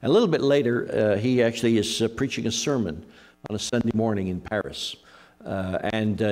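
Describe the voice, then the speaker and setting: A middle-aged man preaching a conversational sermon as a pastor, telling anecdotes in a halting way with frequent pauses. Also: fairly low pitch, darkish tone.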